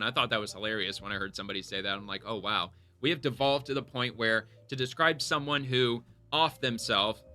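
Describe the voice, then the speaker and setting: A man riffs through political news for his YouTube channel in a loose, rambling way, swearing freely and reacting as he reads. His voice is very bright and forceful. Faint music plays underneath. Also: medium pitch. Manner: profane, rambling, animated reactions. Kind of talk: casual commentary reading posts aloud.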